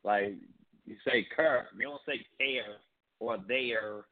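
A man's voice: on the low side, fairly even intonation, takes it slowly. Male rapper guest, St. Louis accent, easygoing rambling phone interview. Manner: laid-back, rambling with repeats. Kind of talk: casual interview. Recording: tinny phone line.

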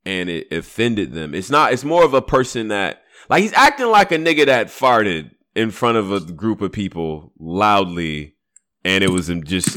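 A man talking on a casual podcast with heat and emphasis. He swears freely as he makes his points, and his pitch rises and falls in a lively way. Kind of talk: casual chat.

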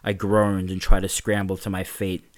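A man narrating a first-person story in a steady, plain storytelling manner. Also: deep voice, normal speed, dry recording.

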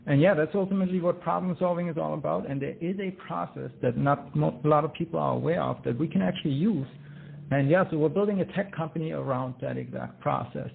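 A man's voice: on the high side, fast, vocal fry, slight background noise. A man from Germany with a German accent, an inventor being interviewed, speaking upbeat and enthusiastic. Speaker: guest, inventor. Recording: tinny phone-like line.

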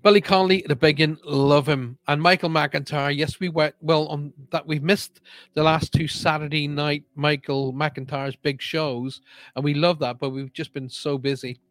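A man's voice: fairly high pitch, steady tone, moderate pace, fairly bright tone, dry recording. A man hosting a live-streamed show, chatting casually and reading out viewer comments in an upbeat way.

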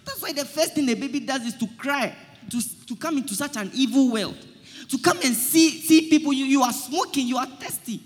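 A man's voice: extremely high pitch, fairly quick, long reverb tail. A man, preaching to his friends in a comedy skit, pleading, stammering over his words and quoting scripture. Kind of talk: comic street-style preaching.

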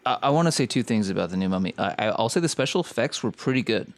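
A man's voice: on the low side, lively intonation, fast talker, no echo. A man co-hosting a casual podcast, blunt and laid-back. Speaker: podcast co-host.

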